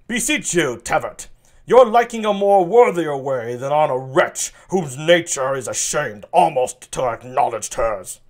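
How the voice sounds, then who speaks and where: A wrathful old king, read aloud by a man at a stately, dragging pace, his voice pitched a little high. He swells from measured speech into loud, bitter outbursts, like a dramatic reading of a classic play. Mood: scornful. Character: aged wrathful king disowning his daughter.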